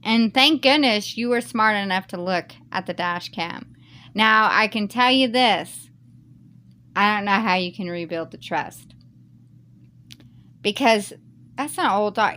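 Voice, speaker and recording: A woman's voice: medium pitch, animated, unhurried, long pauses, a bit bright. A woman who reads a Reddit post aloud and then reacts to it in a heated, emphatic rant. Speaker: YouTuber reading Reddit posts.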